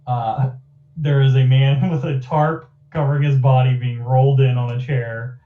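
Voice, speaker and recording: A man's voice: medium pitch, little pitch movement, normal speed, reverberant, recorded from a distance, narrow, tinny audio. A man narrating as game master of a tabletop game, with a loose, chatty delivery and many fillers.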